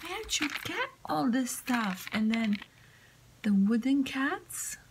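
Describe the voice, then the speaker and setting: A woman vlogger speaks in a hushed half-whisper at home, gushing over the craft mail she opens. Her voice sits fairly high and swoops up and down, and she talks very slowly. Loud crinkling paper packaging is heard behind her. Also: big pitch swings, background noise. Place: home, indoors.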